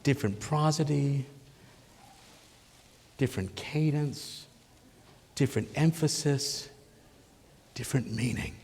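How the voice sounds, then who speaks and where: A middle-aged man giving a psychiatry lecture to a live audience, engaging and animated, acting out the thoughts he quotes. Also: medium pitch, slow pace, vocal fry, pauses often, breathy edge. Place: large hall at an expo. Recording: reverberant lecture hall.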